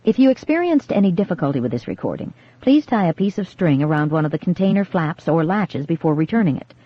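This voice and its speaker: Woman narrator, lowish husky voice, dull dry 1980s cassette studio sound. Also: big pitch swings, no room sound. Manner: measured, dramatic reading. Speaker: audiobook narrator. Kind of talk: scripted narration. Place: recording studio.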